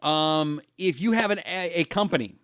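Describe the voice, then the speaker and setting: A man's voice: a little high, animated, moderate pace, fairly bright tone, no room sound, studio quality. A middle-aged man hosting a live talk show, telling anecdotes in a chatty way and reading viewer comments aloud. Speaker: radio talk show host.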